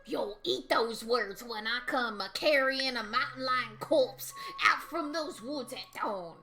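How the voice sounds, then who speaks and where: A woman voicing a bold, brash young woman who hunts cryptids, with a loud, commanding delivery. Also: fairly high pitch, unhurried, soft background music. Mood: boastful.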